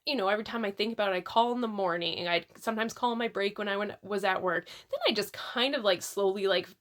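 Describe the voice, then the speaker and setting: A woman casually telling a personal story to camera, animated and exasperated, with many restarts and fillers. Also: medium pitch, fast talker. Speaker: vlogger sharing a personal story.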